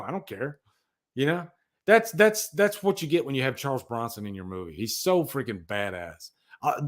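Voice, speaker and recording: A man hosting a casual livestream, rambling and animated as he tells stories and reads out chat. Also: on the high side. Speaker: livestream host.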